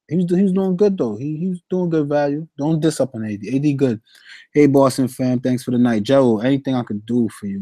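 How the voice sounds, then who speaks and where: Reading the chat on a fantasy sports stream, a young man keeps handing out shout-outs. His mid-range voice is warm and mellow, his speech slangy, animated and casual, and it's miked close and dry with little room sound and no echo.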